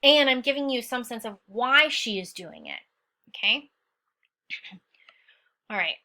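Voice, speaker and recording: Bright-voiced teacher checking "okay?". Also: female voice, a little high, lively intonation, a little slow. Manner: instructive, frequent "okay?" check-ins; stern about lazy writing. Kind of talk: essay walkthrough lesson.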